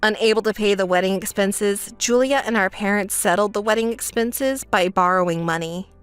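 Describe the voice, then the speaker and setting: A woman's voice: mid-range voice, moderate pace, clear, resonant tone. Cold, firm young woman narrating. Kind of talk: dramatized texting-story narration.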